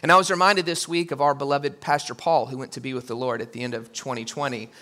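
Bright-voiced animated male pastor. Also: quick pace. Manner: animated, acts out quotes with big pitch jumps. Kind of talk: sermon.

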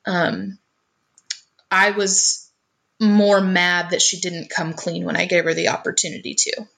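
An earnest woman recounts a painful family story in a relaxed, conversational way. Her voice sits a little low for a woman, and she often stumbles and repeats her first words before pressing on. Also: measured pace, creaky. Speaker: guest telling her life story.

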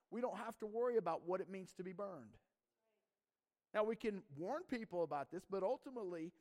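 A man's voice: sits high, a little mellow. A man preaching a sermon in a casual, conversational way, often checking in with the audience and asking "right?". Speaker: pastor.

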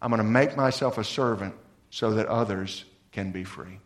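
A man preaching a sermon as a pastor, earnest, moving between lively emphasis and soft, low appeals to his listeners. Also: normal speed.

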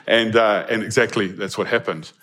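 A man's voice: lowish voice, steady tone, normal speed, fairly bright tone. A man preaching a sermon in a conversational way, often checking in with his listeners and chuckling between points. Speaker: pastor.

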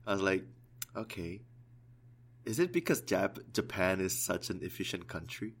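A man's voice: deep voice, big pitch swings, normal speed. A man co-hosting a podcast in casual chat, rambling with fillers and laughing often. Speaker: podcast co-host; works in process optimization.

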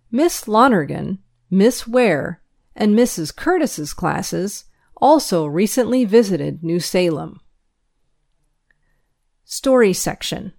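In a medium-pitched voice, a woman narrates a school newspaper aloud. She takes its news items and stories at a measured pace, bringing expressive storytelling to them.

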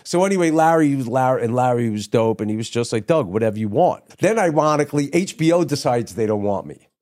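Fast and animated, with a mid-range, slightly mellow voice, a middle-aged TV writer and producer rambles through a long tale as an interview guest. He swears often and acts out quoted voices, and the recording is dry, clean studio sound.

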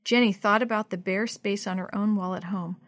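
Gentle woman reading a children's story. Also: mid-range voice, fairly even intonation, fairly quick. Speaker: narrator.

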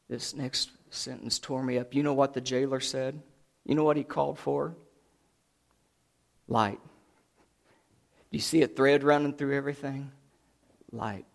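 A man preaching a sermon, retelling a scripture story with dramatic swings from hushed asides to loud outbursts. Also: medium pitch, steady tone, moderate pace, creaky.

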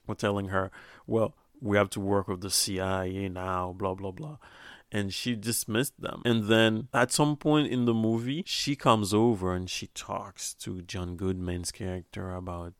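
Man in his 30s, low gravelly voice, loose rambling movie commentary full of restarts. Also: dry recording. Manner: rambling, with frequent restarts and quoted asides. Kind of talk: casual movie recap.

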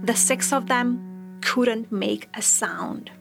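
A woman hosting a podcast, telling a true story in measured, reflective scripted narration. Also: fairly high pitch, fairly even intonation, gravelly, over music.

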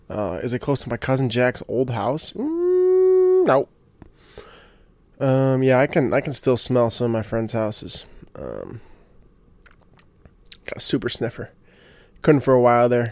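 A man's voice: mid-range voice, unhurried, long pauses, a little mellow, no room sound. A young man hosting a casual solo podcast, rambling with lots of fillers and restarts and getting fired up about sports. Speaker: podcast host.

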